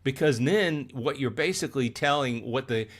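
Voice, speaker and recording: A man's voice: medium pitch, moderate pace. A man hosting a casual gaming livestream, rambling and restarting his sentences, often checking in with "okay?" and "right?", and getting fired up as he explains. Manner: gets fired up. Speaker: livestream host.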